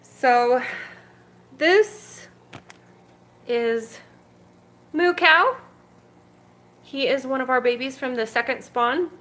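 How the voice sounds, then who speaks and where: A woman's voice: fairly high pitch, slow, pauses often, fairly bright tone. A woman hosting a casual livestream from her home fish room, chatting fondly and cooing at her fish while carrying the camera around. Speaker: betta fish breeder and channel host. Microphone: handheld camera moved around the room.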